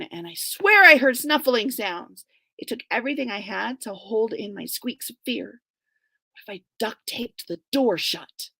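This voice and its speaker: A woman guest author giving an animated, expressive reading from her own novel, with some whispered asides, over a video call. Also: mid-range voice, gravelly, no echo.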